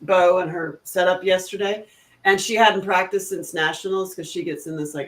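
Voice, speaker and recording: A middle-aged woman chatting casually, telling animated stories and laughing often. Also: lowish voice, moderate pace. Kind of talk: casual chat.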